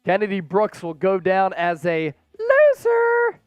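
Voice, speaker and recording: A man hosting a live stream, calling the game play by play with energetic fan banter and shout-outs. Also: high-pitched, takes it slowly, no room sound, soft background music.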